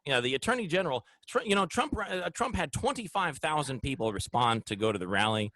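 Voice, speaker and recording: A man's voice: on the high side, lively intonation, fast talker, sharp tone, dry recording. A man hosting a political talk show from a studio, ranting heatedly and addressing his audience directly. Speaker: show host.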